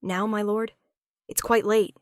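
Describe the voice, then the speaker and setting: A woman voicing a frightened young servant woman who speaks gently and pleads. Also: medium pitch, flat delivery, measured pace, smooth, dry recording, studio quality, natural voice. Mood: pleading. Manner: timid, pleading.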